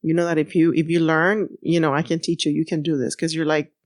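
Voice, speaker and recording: A woman's voice: deep voice, flat delivery, fast. A woman co-hosting a podcast in casual chat, laughing easily and mixing Spanish phrases into her English. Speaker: podcast co-host.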